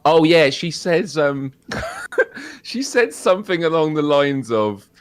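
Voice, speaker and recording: A man's voice: on the high side, slow pace, no echo. A man co-hosting a podcast, telling rambling stories with frequent laughter. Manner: rambling, laughs often, animated storytelling. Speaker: podcast co-host. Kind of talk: casual chat.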